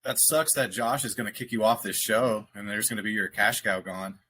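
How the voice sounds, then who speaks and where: A man co-hosting a casual podcast, pressing with dry, deadpan questions. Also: lowish voice, brisk, a little hiss or hum. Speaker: podcast co-host.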